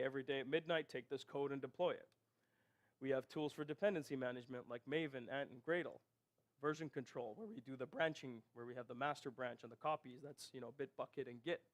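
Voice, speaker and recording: A man giving a technical conference presentation, explaining step by step and often checking in with the audience. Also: mid-range voice. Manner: explanatory, rhetorical "right?" checks. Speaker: conference speaker.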